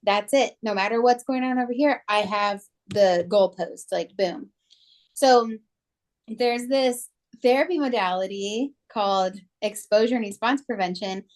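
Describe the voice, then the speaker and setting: A woman's voice: medium pitch, measured pace. A woman co-hosting a podcast, talking casually with many fillers. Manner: chatty, many "like" and "you know" fillers. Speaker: podcast co-host.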